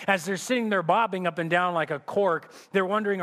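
A man's voice: high-pitched, fairly quick, fairly bright tone. A male pastor preaching a sermon, telling a story vividly and often restarting his phrases. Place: church sanctuary. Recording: echoey church hall reverb.

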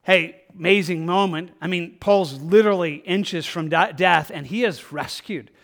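A man's voice: high-pitched, measured pace, fairly bright tone. A man preaching a conversational verse-by-verse sermon, full of fillers and repeated words. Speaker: pastor.

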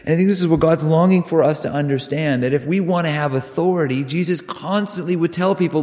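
A man preaching a sermon, earnest and emphatic, with sudden loud rises on key words. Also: on the high side, fast, hardly any pauses. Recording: long reverb of a hall.

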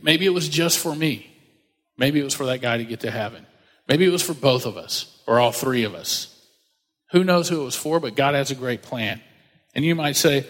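A man's voice: on the high side, a bit bright, big-room sound. A male pastor preaching a sermon in a casual, conversational storytelling way, acting out quotes with slang.

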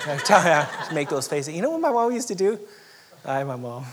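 A man from Southern California preaching a sermon, swinging from loud emphatic lines to soft, almost whispered passages, with chuckles along the way. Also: a little high, big pitch swings, brisk, background noise. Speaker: pastor.

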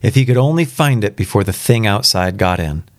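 A man's voice: fairly low pitch, lively intonation, brisk, no echo. A man reading a spooky story aloud for the first time, casual and reacting aloud between passages. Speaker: reader.

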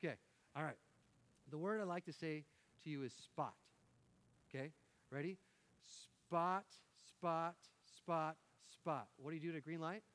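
A man, a pastor, preaching a sermon in an animated way, breaking off with laughs and quick restarts. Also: on the high side. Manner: animated, laughing often, self-interrupting with restarts.

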